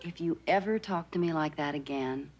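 A woman's voice: medium pitch, lively intonation, a little slow, natural voice. A woman playing an exasperated, scolding mother in a 1980s sitcom. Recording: hissy old TV tape with studio laughter.

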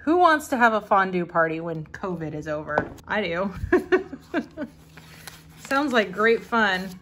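A woman's voice: medium pitch, very animated, takes it slowly, noisy background. A woman hosting her own channel, chatting casually as she flips through an old catalog, amused and laughing often. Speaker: vintage reseller and channel host.

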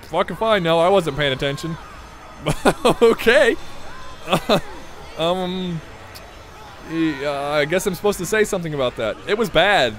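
Wry, animated young man commentating. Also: a little high, measured pace, pauses often. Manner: sardonic, mutters to himself, swears freely. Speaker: gaming video creator. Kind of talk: casual gameplay commentary. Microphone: pop filter studio mic.

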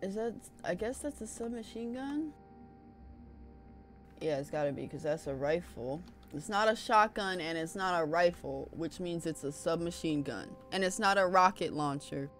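A woman's voice: lowish voice, lively intonation, normal speed, soft background music. A young woman streaming a video game, talking casually and swearing at it when frustrated. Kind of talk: casual gameplay commentary.

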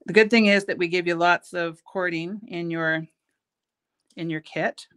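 A middle-aged woman runs a casual beading tutorial from the bead shop she owns, talking a little slowly in a fairly low, steady, fairly bright voice. She fills the gaps between steps with chatty asides, making fun of herself and laughing at her own jokes.

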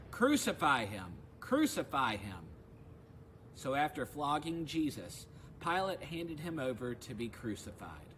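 A man's voice: fairly high pitch, slight background noise, low-quality recording. A male pastor leading a devotional service, chatting informally before solemn scripture readings and prayers. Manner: relaxed and conversational in the opening, solemn and louder in the readings and prayers.

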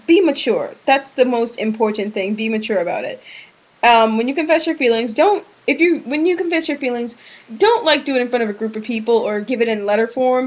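Young woman, slightly high pitch, casual webcam vlogger, rambling and blunt advice. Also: low-quality recording. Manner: rambling, chatty, restarts often, frank. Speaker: vlogger giving relationship advice.

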